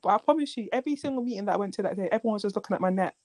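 A young woman telling lively stories in a casual chat, laughing easily. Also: mid-range voice, no room sound. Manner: animated storyteller, quick to laugh.

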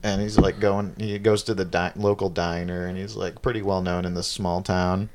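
A man co-hosting a podcast who rambles through stories in relaxed casual chat. His voice sits fairly low, and he pads his speech with filler words as he goes. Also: moderate pace, noisy background. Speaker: podcast co-host.

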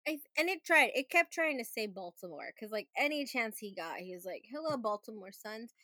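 A woman's voice: a little high, very animated, a little fast, bright, forceful tone, no room sound, studio quality. A woman co-hosting a podcast, chatting casually about a film with many fillers and frequent laughter. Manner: chatty, lots of "like", laughs often. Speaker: podcast co-host. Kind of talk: casual movie review chat.

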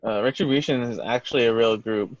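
A man's voice: medium pitch, fast, no echo. Rambling man on a dull dry mic. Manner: rambling, lots of fillers and restarts. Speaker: podcast co-host. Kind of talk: casual chat.

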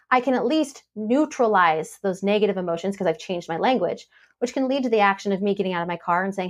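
A woman guest on a podcast, explaining her method in a relaxed, chatty way and acting out the lines she said in past moments. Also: mid-range voice, quick pace. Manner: animated storytelling, acts out her own past lines. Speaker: podcast guest, happiness mentor. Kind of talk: casual podcast interview.

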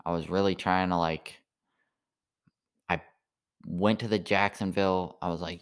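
A sleepy man rambling through a halting stand-up style monologue full of "like" fillers. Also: low-pitched, fairly even intonation, clear, resonant tone.

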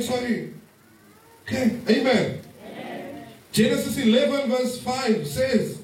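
A man preaching a sermon to a congregation, animated and laughing often as he calls on the listeners to answer. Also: very high-pitched, a little slow, long pauses, a little hiss or hum. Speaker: pastor. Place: church hall. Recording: very echoey hall from far off.

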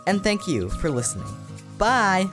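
Woman host, cheerful credits read, lively, over guitar. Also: on the low side, moderate pace. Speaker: podcast host reading credits. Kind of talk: closing credits. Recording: music playing underneath.

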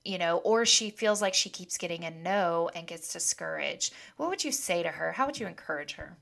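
Gravelly-voiced woman host asking gently. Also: lowish voice, lively intonation, normal speed. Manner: affirming, encouraging questioner. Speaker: interview host. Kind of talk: supportive interview listening.

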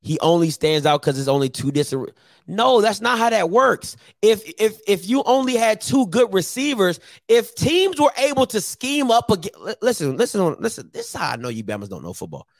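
High pitched guy arguing football on a sports show, pushy, keeps hammering the same point, very up and down voice. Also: very animated, normal speed, no echo. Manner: argumentative, insistent, repeats points. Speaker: sports talk show panelist. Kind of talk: heated sports debate.

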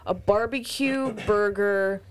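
A woman in casual chat, excitedly telling a story and quoting the people in it. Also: medium pitch, slow. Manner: excitable, laughing, quotes people.

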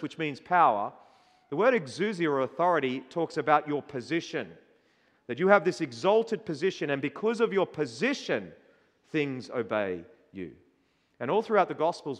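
A man preaching a sermon, swinging between loud, emphatic declarations and quiet, reflective asides. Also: fairly high pitch. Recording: long hall reverb.

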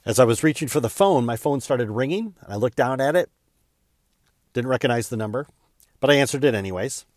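A man, a real estate agent, telling a heartfelt personal story in an earnest way that speeds up and slows down with emotion. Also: mid-range voice, lively intonation, dry recording, studio quality.

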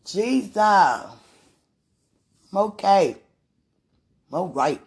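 A woman's voice: mid-range voice, expressive, drawn-out words. A woman talking casually and praying aloud, repeating phrases and laughing often. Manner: chatty, repeats phrases, laughs often, mixes talk with prayer. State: heartburn, hungry. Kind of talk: casual spoken monologue and prayer.

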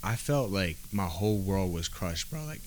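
A man's voice: low voice, expressive, normal speed, slight background noise. A man on a podcast, telling a personal story in casual street slang, with lots of "bro" and "like" fillers. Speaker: podcast guest.

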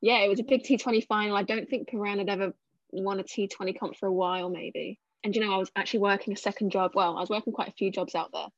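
Chatty young Englishwoman, flat delivery. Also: mid-range voice, fast, no echo, dull audio. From England. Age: 20s. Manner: chatty, self-deprecating, many fillers. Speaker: cricketer guest. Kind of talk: casual interview answers.

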